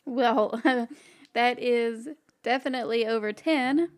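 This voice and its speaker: A woman narrating a tabletop game as game master, unhurried and with many fillers. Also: fairly high pitch.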